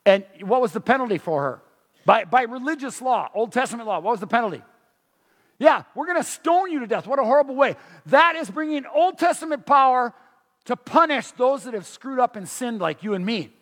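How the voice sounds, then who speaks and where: Man, preacher, high voice, animated sermon delivery, restarts phrases, long hall echo. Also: a little fast. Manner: animated, emphatic, many restarts.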